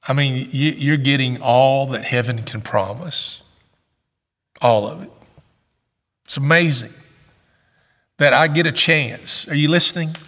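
A man's voice: medium pitch, gravelly, a bit bright, long reverb tail. A man preaching a sermon as pastor, earnest and questioning, often repeating his phrases.

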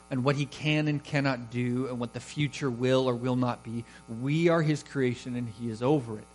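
A man's voice: medium pitch, low-quality recording. A man preaching a sermon, building emphasis and rising in volume on key words. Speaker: pastor.

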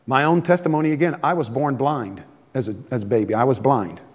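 A man's voice: mid-range voice, brisk, husky. A man preaching a sermon as a pastor, folksy and joking, acting out complaining voices. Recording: echoey hall.

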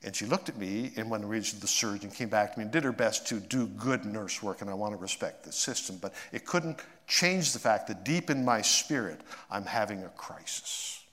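A man preaching a sermon, telling a personal story with swings from excited to hushed and emotional. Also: lowish voice, moderate pace, few pauses, long reverb tail. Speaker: pastor.

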